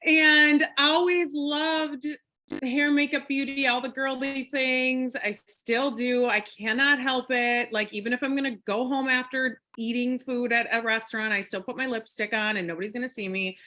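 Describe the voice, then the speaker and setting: A chatty woman in her forties with a Minnesotan accent tells her story on a team call. Her voice sits a little high and sounds bright and tense. She giggles and tumbles through fillers with bubbly warmth. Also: steady tone, normal speed. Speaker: guest speaker.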